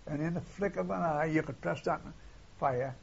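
On dull, lo-fi archive tape, an older man interviewed for an oral history remembers the war, rambling, replaying old dialogue and frequently adding "see?". His voice is a little high, slightly rough with vocal fry, at a moderate pace.

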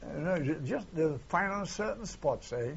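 Gravelly old man recalling wartime. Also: a little high, animated, normal speed, slight background noise. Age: older. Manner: rambling, tags "see?" and retells dialogue. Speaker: war veteran interviewee. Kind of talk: oral history interview. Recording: dull lo-fi archive tape.

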